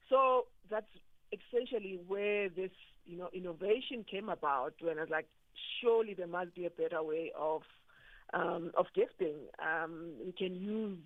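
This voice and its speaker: A woman speaks over a tinny phone line as a radio guest, passionate and animated, with plenty of "you know" and "um" as she thinks aloud. Her voice sits mid-range, and the sound is thin and dry. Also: medium pitch, no room sound. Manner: animated, passionate, many fillers. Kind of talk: phone interview.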